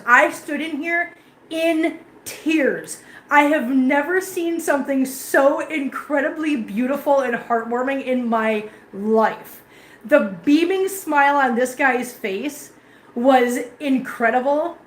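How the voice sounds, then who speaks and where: A woman vlogger who runs a cat rescue, telling a story to her viewers in casual, emotional, chatty talk from an indoor cat room. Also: high-pitched. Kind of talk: casual live-stream chat to viewers. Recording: echoey room with faint ambient noise.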